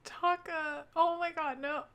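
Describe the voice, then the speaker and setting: A woman's voice: very high-pitched, fairly even intonation, slow, very noisy. A young woman streaming a game who is tearing up while she chats and apologises for her emotions. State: teary, fighting back tears. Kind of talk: casual live-stream chat.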